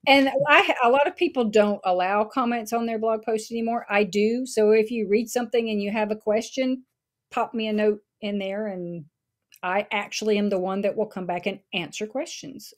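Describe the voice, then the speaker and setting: A woman's voice: mid-range voice, fairly even intonation, normal speed. Chatty woman guest on a live stream. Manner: casual, chatty, with restarts and small laughs. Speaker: guest, marketing course creator.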